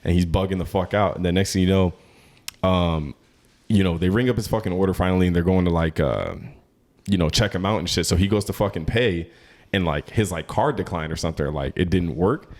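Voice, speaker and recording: A man with a very low voice hosts a laid-back podcast chat. He spins long, rambling stories full of swearing and laughs easily along the way. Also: fairly quick. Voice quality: profane, rambling storyteller. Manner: animated, laughs often while telling stories. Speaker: podcast host. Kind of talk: casual chat.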